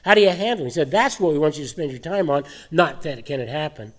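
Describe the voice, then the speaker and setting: A man preaching a sermon, animated and full of rhetorical questions and scoffing laughs. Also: a little high, fast talker. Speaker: pastor.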